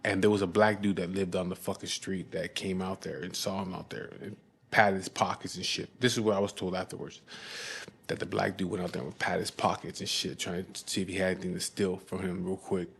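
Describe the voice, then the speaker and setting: Low-voiced blunt man telling a story. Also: level tone, gravelly, fairly bright tone, husky. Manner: blunt and heavily profane; halting restarts and repeated words. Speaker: storyteller recounting his past. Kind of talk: casual storytelling.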